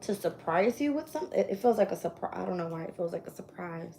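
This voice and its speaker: A woman's voice: fairly low pitch, expressive, fast talker, vocal fry, warm tone, slight background noise. A woman doing a casual live-stream tarot reading, blunt and swearing freely as she thinks aloud and names each card she draws. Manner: shuffles and names cards aloud. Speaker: tarot reader.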